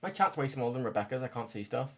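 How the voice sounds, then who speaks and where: Laughing, lively man streaming. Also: mid-range voice, fast. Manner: swearing, joking, laughing often. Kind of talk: casual livestream chat.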